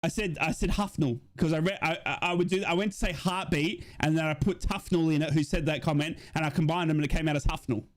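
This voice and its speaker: A young man hosting a live football watch-along, giving excitable, rambling fan commentary, swearing and answering chat comments. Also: a little high, fast talker, hardly any pauses.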